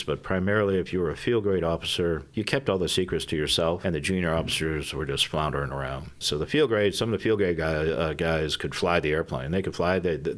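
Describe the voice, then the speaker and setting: Deep-voiced older man telling stories. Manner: folksy, animated war stories with wry asides. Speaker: guest, former fighter pilot. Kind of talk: storytelling interview.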